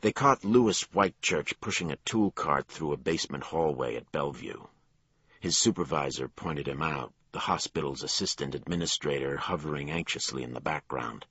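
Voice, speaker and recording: A man narrating a crime thriller audiobook in a measured storytelling manner. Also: extremely low pitch, fairly bright tone, breathy edge, no echo, dull audio. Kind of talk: scripted narration.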